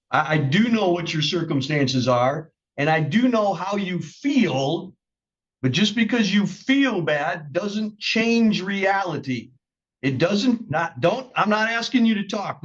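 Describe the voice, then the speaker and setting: A man's voice: high voice, lo-fi sound. A man presiding as a judge at a court hearing, stern and lecturing.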